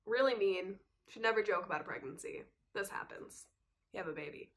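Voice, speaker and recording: A young woman chatting casually as she tells a personal story, lively and acting out the dialogue. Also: medium pitch, brisk. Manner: lively retelling that acts out the dialogue. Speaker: vlogger telling a personal story.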